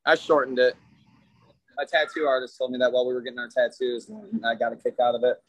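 A man on a video call winds through a drawn-out joke at a mid-range pitch, pausing on fillers as he goes. His telling meanders and circles back, the tone of a defendant chatting rather than pleading. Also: flat delivery, a bit bright, dry recording, rough recording. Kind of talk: rambling joke storytelling.

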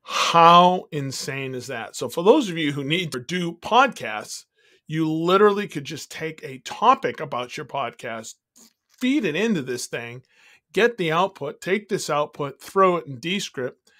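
A man with a somewhat high voice talks through a software demo in a loose, casual way. He is excited and chatty, and he thinks aloud between clicks. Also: a little slow. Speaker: tech tutorial host.

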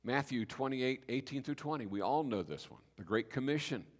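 A man preaching a sermon as pastor, telling the story with lively acted-out dialogue. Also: mid-range voice, a little fast. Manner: animated storytelling, acting out biblical speakers in voice. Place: church sanctuary. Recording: reverberant church hall.

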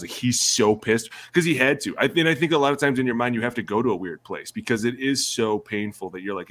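Thirties male ex-player guest; low-pitched, animated anecdote teller who voices the people he quotes. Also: fast talker, hardly any pauses. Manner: animated storyteller, acts out quotes. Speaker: former NFL player, guest. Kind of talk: casual podcast chat.

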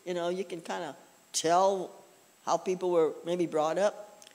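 A woman's voice: fairly low pitch, steady tone, measured pace, darkish tone, in a large hall. A woman preaching a conversational sermon, telling personal stories in a folksy way with frequent "you know" asides. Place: church.

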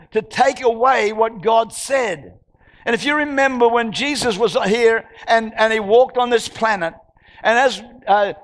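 A man from Australia preaching a sermon as a pastor, emphatic, with repeated phrases and rhetorical questions to the congregation. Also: very high-pitched. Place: church hall. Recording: church hall with long reverb.

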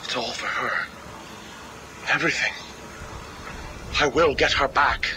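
Mr. Freeze, a vengeful, obsessed scientist. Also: male voice, mid-range voice, steady tone, sharp tone, slight background noise, low-quality recording. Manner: intense, vengeful, slow declarations. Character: obsessed, grieving male villain scientist. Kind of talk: video game cutscene acting.

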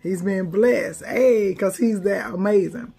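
Slow-talking teary woman live streaming. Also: medium pitch, vocal fry, mellow, husky, faint music behind. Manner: emotional, laughing through tears. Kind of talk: casual live stream chat.

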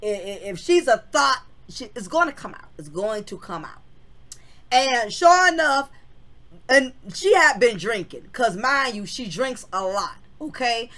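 A woman telling a personal story on her vlog, speaking frankly and casually with plenty of slang. Her voice sits a little high and sounds bright and forward. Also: very animated, measured pace.

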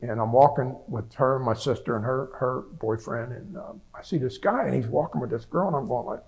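An older American veteran recounts his wartime experiences in an oral history interview, rambling plainly and restarting often. His mid-range voice moves fairly quickly, with vocal fry and a slightly mellow quality, on a rough recording.

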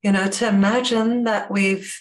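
A woman guiding a reflective conversation, speaking gently and searching for words. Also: medium pitch, steady tone, normal speed.

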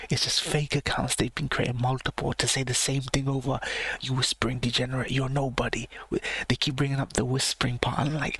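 Hushed, swearing man live-streaming late at night. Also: slightly rough, dry recording. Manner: hushed low voice, not quite a whisper; blunt, swearing, ranting. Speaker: live-stream reaction host. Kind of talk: late-night livestream chat. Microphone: sensitive mic with gain turned up.

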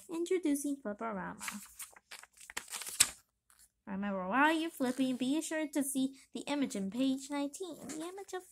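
A woman reading a comic book aloud, mouthing its sound effects in a hushed voice. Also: high voice, animated, quick pace, vocal fry, hardly any pauses, a little hiss or hum. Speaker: reader.

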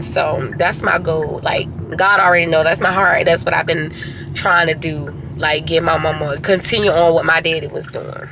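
A woman's voice: fairly low pitch, noisy background. Chatty Southern woman vlogging from a car. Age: 20s. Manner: chatty, addresses viewers as y'all. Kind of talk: casual chat to camera. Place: in a car at a drive-through.

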